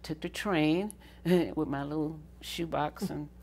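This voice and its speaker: Low gravelly older woman telling stories. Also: slow, darkish tone, a little hiss or hum. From Southern United States. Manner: laughs often, acts out quoted voices. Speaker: interviewee. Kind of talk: storytelling interview.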